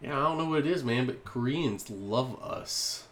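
A man hosts a casual podcast at the end of a long week. He sounds tired and talks in a loose, unhurried way, often restarting his sentences. His voice sits in the middle range. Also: medium pitch. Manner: loose, relaxed talk with restarts. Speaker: podcast host.

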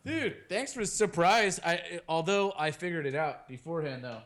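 A young man with a slightly high voice co-hosts a podcast in loose, joking banter. His talk is casual and full of quick asides. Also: animated, fairly bright tone. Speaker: podcast co-host. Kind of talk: casual chat.

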